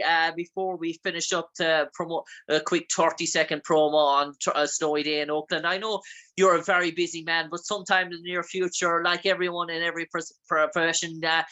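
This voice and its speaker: Rambling Irish man, bright voice. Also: on the high side. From Ireland. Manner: rambling, filler-heavy phrasing. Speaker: interviewer. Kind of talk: casual interview.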